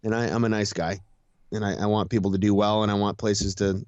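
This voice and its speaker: A man's voice: lowish voice, little pitch movement, brisk, a little mellow, dry recording, dull audio. A tired man co-hosting a casual racing chat show, rambling and laughing at himself. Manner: rambling, self-deprecating, laughs often. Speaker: co-host, race announcer.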